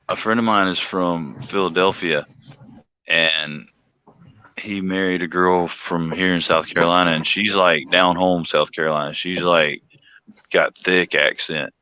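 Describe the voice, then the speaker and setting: A man's voice: low-pitched, fairly even intonation, takes it slowly, bright, forceful tone, clear, resonant tone. A man from Georgia with a Southern accent, chatting casually and laughing through his stories. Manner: laughs while telling stories, drawling slang. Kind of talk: casual chat.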